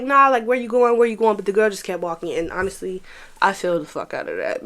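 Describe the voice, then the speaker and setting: A young woman, telling a casual storytime to her viewers in an animated, profane way, talking straight to them. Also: medium pitch. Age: young adult.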